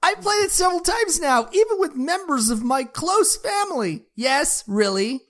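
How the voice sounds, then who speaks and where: A woman's voice: sits high, very animated, normal speed, a bit bright. A woman putting on a Welsh accent, playing a chipper, crude woman who reviews games and is rowdy and gleeful. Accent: put-on Welsh. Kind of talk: comic reading of a review in character.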